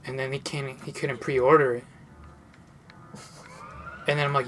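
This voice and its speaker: Young male gamer, casual commentary, lively anecdotes, laughs a lot, faint noise behind. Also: medium pitch, a little slow. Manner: animated storyteller, swears, laughs often. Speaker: gameplay commentator. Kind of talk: casual let's-play chat.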